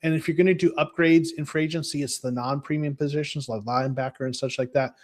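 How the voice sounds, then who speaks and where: A man's voice: a little high, fairly even intonation, fast talker, darkish tone. A man talking as a football fan guest, rambling with lots of restarts and fillers. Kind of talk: casual podcast chat.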